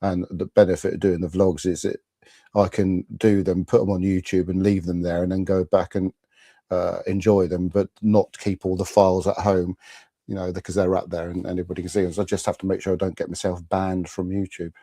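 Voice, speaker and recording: A man's voice: low voice, flat delivery, brisk, dark tone, dry recording. A middle-aged man hosting a live fan chat show, telling rambling stories full of restarts and fillers. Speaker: podcast host. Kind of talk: casual live-stream chat.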